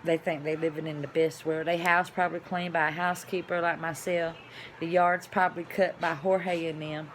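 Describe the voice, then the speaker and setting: A woman vlogger telling a personal story to camera, chatty and animated, dropping to hushed asides and rising to loud exclamations. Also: low voice, moderate pace, slight background noise. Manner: chatty, addresses viewers as y'all.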